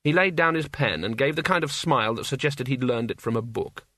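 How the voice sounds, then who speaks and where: A man reads a story aloud in an even, measured voice of middle pitch. His delivery is steady and controlled. The recording is dry and close. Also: no echo. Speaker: audiobook narrator. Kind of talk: scripted narration.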